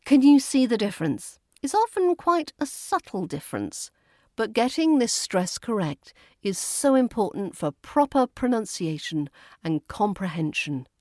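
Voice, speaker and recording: A woman with a British accent teaching a pronunciation lesson, saying each word slowly and deliberately. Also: fairly high pitch, very animated, darkish tone, no echo, clean studio sound. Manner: slow, deliberate, stresses each word clearly.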